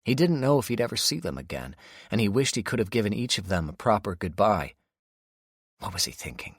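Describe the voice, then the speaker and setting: Man, audiobook narration, very low voice, steady storytelling, dry studio sound. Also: brisk, breathy edge, no echo.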